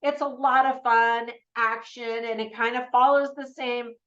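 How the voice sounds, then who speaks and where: A woman's voice: a little high, steady tone, a little slow, fairly bright tone, dull audio. An American woman giving a casual, chatty spoken movie review, talking to the viewer with lots of asides. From United States. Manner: chatty and conversational, with frequent fillers and asides.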